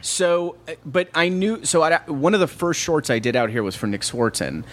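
A man's voice: on the high side, normal speed. A man telling a long anecdote in a casual podcast chat, acting out what people said. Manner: animated, acts out quotes. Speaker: guest. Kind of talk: casual storytelling.

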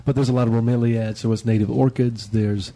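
Mellow-voiced man telling a rambling story. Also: mid-range voice, fairly even intonation, a little fast. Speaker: podcast guest. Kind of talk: casual roundtable chat.

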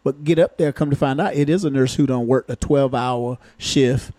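A man's voice: medium pitch, moderate pace, dark tone, dry recording. A man, a retired police officer turned comedian, co-hosting a podcast and telling a casual, folksy story with laid-back colloquial phrasing.

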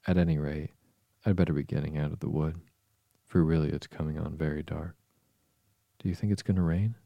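A man's voice: very deep voice, flat delivery, normal speed, creaky, no echo, highs cut off. A man voicing a polite, earnest little girl in an audiobook, prim and easily indignant. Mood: cheerful. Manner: prim, indignant, then timid. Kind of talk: audiobook character reading.

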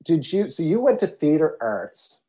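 A man's voice: fairly high pitch, sing-song, moderate pace, warm tone. A man with a Newfoundland accent, a guest in a casual chat, teasing and dry.

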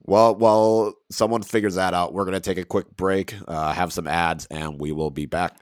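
A man co-hosting a podcast, talking loosely and laughing often. His voice sits very low. The sound is dry and close, with no room in it. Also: fairly even intonation, normal speed, no room sound. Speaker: podcast co-host. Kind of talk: casual chat.

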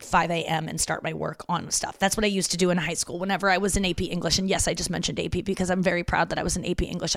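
A woman comedian in her thirties talking in a quick, profane solo podcast monologue, with many restarts and asides. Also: on the low side, no echo, studio quality.

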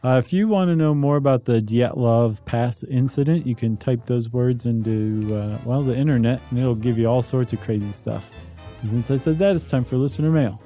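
Male podcast co-host, dark mellow tone, wry casual banter, faint music behind. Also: mid-range voice, moderate pace. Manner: wry, joking. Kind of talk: casual chat.

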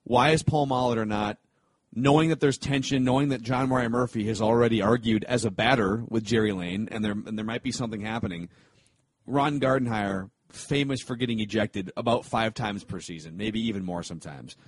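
A man's voice: on the low side, brisk, dry recording. A man co-hosting a sports podcast in casual chat, joking and ranting. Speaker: podcast co-host.

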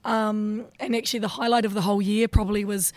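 A woman from New Zealand with a husky, strained voice and a New Zealand accent, chatting as an interview guest in a self-deprecating way. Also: mid-range voice, level tone, fast, darkish tone, dry recording. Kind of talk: casual chat.

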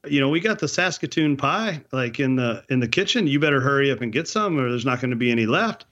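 A bossy woman camp cook, scolding and hurrying someone along, as a man puts her on. The voice is pushed higher than the storyteller's usual. The recording sounds dull and lo-fi. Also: lively intonation, fast, a bit bright, natural voice.

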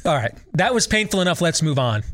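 Animated sarcastic male podcast host. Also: on the high side, quick pace, heavy background noise. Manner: sarcastic, animated, mocking repetition. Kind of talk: opinionated podcast commentary.

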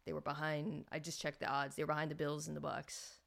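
A woman with a low, gravelly voice hosts a sports podcast. She talks casually, thinks out loud and circles back with fillers and restarts. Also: completely flat delivery, quick pace. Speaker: podcast host.

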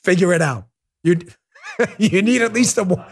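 High, lively man ranting mockingly. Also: moderate pace. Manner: heated, mocking, animated ranting with laughs. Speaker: podcast host. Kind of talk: political commentary show.

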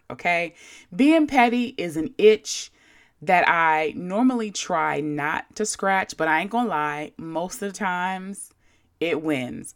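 Sassy gravelly woman storyteller. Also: fairly low pitch, a bit bright. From Baltimore. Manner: sassy, sarcastic, dramatic. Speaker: podcast host. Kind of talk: casual storytelling monologue.

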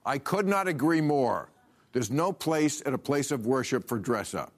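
A man's voice: mid-range voice, expressive, moderate pace, very noisy. An older man as a talk show host, delivering a sardonic stand-up monologue in a studio. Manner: sardonic, punchy joke delivery. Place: TV studio with live audience. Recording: loud crowd laughter and applause.

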